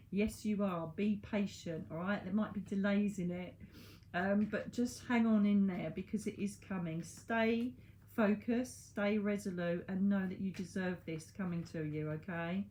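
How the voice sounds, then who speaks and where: A woman's voice: medium pitch, normal speed, darkish tone, slight background noise. A woman reading oracle cards to camera in a chatty, reassuring way that laughs at herself. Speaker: psychic medium reading cards. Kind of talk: casual tarot card reading to camera.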